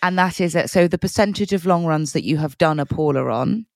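A woman's voice: on the low side, a little fast, no echo. A woman co-hosting a podcast, supportive and playful, chatting casually and laughing easily. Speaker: podcast co-host. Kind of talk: casual chat. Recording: dry remote call audio.

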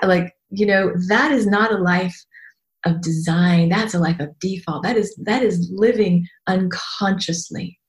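A woman's voice: medium pitch, moderate pace. Candid, emphatic middle-aged woman speaker. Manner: candid and emphatic, swears freely, shifts into quoted voices. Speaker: speaker addressing an audience. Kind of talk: motivational talk.

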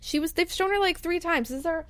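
A woman's voice: very high voice, fast, fairly bright tone, no echo. A woman casually chatting while watching a movie, patiently explaining the plot with frequent laughs. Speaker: movie watch-along co-host. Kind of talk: casual chat.

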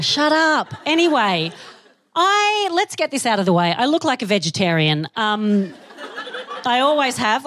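A woman performing stand-up comedy on a theatre stage before a live audience, animated, self-mocking and swearing freely. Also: on the high side, slight background noise. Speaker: comedian and co-host.

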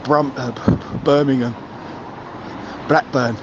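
A man's voice: mid-range voice, steady tone, takes it slowly, muffled recording, noisy background. A man leaving a voicemail, ranting and swearing about his football team. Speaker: caller. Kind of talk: voicemail rant.

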